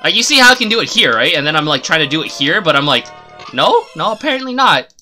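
A man's voice: fairly high pitch, sing-song, rapid-fire, pushed and bright, faint music behind. A man streaming a video game live, giving profane, exasperated running commentary as he plays.

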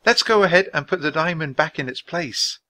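Man putting on a young girl, storybook, high-pitched, squealing, bold, adventurous. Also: animated, fairly quick, sharp tone. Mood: eager.

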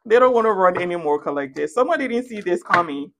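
A woman reading tarot straight to her viewers in a lively, playful way. Her voice jumps up in bursts of emphasis and sinks to soft, low asides. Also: quick pace, a little hiss or hum. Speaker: tarot reader. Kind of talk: spoken tarot reading to camera.

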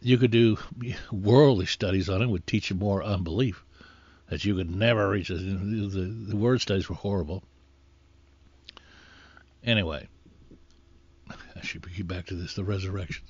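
A man's voice: low-pitched, moderate pace, pauses often, darkish tone, breathy edge, no echo. A man preaching a conversational sermon in an earnest tone, rising in force when he exhorts. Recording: dull lo-fi dry recording.

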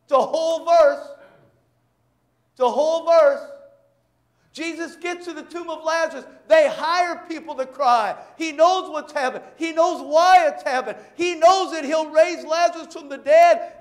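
A man preaching a sermon as pastor, emphatic and repetitive, acting out quick bits of dialogue to make his points. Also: very high-pitched. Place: church. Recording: echoey church sanctuary.

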